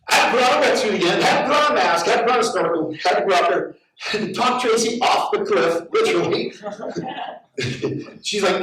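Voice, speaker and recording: A middle-aged man preaches, animated and story-driven, stumbling over repeated words as he builds up. His voice sits fairly high for a man. It comes from well off the microphone in a very echoey church hall. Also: fast, far from the mic, a little hiss or hum. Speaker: pastor. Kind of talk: sermon with storytelling. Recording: very echoey hall, heard from afar.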